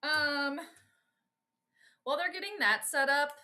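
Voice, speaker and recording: A woman's voice: high-pitched, measured pace, pushed and bright. A woman from Minnesota hosting casual live sports commentary, reacting bluntly and with exasperation to each play and talking directly to her viewers. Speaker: host giving live game commentary.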